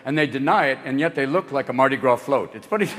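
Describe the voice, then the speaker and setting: A man in his sixties doing a stand-up comedy routine on a theater stage, manic and profane, leaping into voices and shouted bursts. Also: medium pitch, quick pace. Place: theater stage with live audience. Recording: reverberant hall, live audience.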